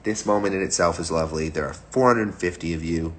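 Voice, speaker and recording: A man's voice: deep voice, quick pace, background noise. A man, a singer-songwriter hosting a livestream, chatting casually between songs in a rambling way and laughing often. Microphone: phone livestream. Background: piano playing.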